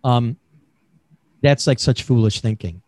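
A man's voice: mid-range voice, measured pace, a little mellow, dry recording. A man being interviewed about selling, talking in a chatty coaching way with many fillers over a remote call mic. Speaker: sales expert guest.

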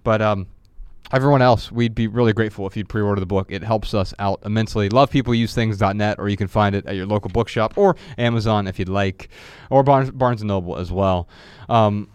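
Middle-aged guy cohosting a podcast, smooth clear voice, dry close sound, tells stories and reads aloud. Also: fairly low pitch, brisk, no room sound. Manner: animated, mixes storytelling with reading his own writing. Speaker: podcast co-host. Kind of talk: casual podcast conversation and reading aloud.

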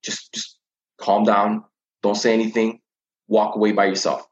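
A man's voice: on the low side, flat delivery, normal speed, highs cut off. A man talking about coping with anxiety as a teen coach in a casual podcast chat, earnest and often repeating words while he thinks.

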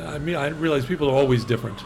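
A male interviewer asking halting, searching questions full of fillers. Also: fairly high pitch, gravelly, noisy background. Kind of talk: oral history interview.

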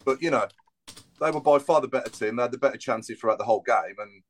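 A man talking football on a casual podcast, rambling with plenty of fillers. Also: medium pitch. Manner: fast, rambling, lots of fillers. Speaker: podcast panelist.

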